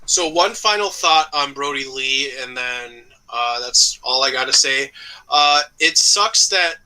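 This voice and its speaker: A man co-hosting a wrestling podcast in casual chat, measured and deliberate. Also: medium pitch, lively intonation, pushed and bright, poor audio. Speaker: podcast co-host.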